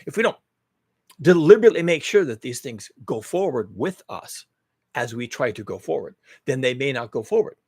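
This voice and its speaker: A man's voice: mid-range voice, expressive, normal speed, a little mellow, husky, dry recording, studio quality. A man hosting his own channel, talking through big questions in a rambling, emphatic monologue full of rhetorical questions. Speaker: host. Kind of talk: casual monologue.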